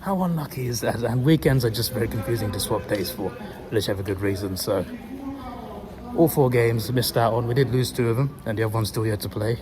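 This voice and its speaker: A young male vlogger with a lowish, steady voice chats casually into his phone at a brisk pace, rambling and correcting himself as he tells a story. He's recording on a noisy street, with passing cars and urban noise around him.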